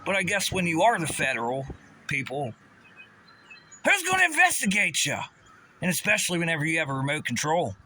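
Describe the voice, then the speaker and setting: A man rants in an agitated, sarcastic way, his somewhat high voice swinging up and down a great deal. The tone is bright and sharp, and he trips over his restarts. Faint birds and outdoor ambience sit behind him. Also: big pitch swings, brisk, long pauses, a little hiss or hum. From Pittsburgh area. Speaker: vlogger. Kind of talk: angry profane rant.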